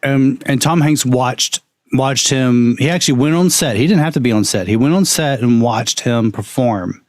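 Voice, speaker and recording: A man chats casually on a podcast and works through trivia, often restarting his words. His voice sits at a middle pitch. The sound is dry and close, with no room echo. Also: moderate pace. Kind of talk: casual chat.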